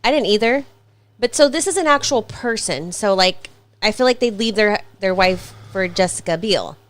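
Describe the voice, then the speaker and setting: A woman's voice: medium pitch, lively intonation, moderate pace. Blunt, teasing woman co-host. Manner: teasing, blunt, swears casually. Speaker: podcast co-host. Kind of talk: casual chat.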